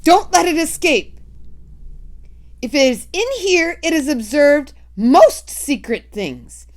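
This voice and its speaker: A woman reading a storybook aloud and voicing a cruel female witch leader who is imperious and shouts her orders. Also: sits high, lively intonation, slow pace, pitched above the performer's own voice. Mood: screaming orders.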